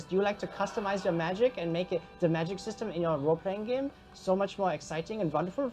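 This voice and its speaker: A woman voicing Alvin, a cheerful and morbid male ghost who presents prizes in a tabletop game, with a put-on accent and a sugary, delighted manner. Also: medium pitch. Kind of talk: live-streamed tabletop game.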